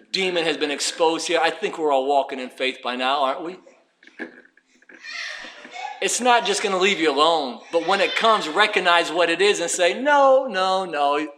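A man's voice: fairly high pitch, fairly bright tone, a little hiss or hum. A man preaching a sermon, reading scripture and breaking into emphatic, rising calls to press on.

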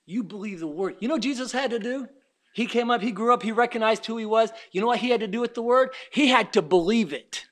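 A man preaching a sermon, calling out to the congregation, shouting his exclamations and at times dropping to a near whisper. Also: extremely high pitch, fast talker.

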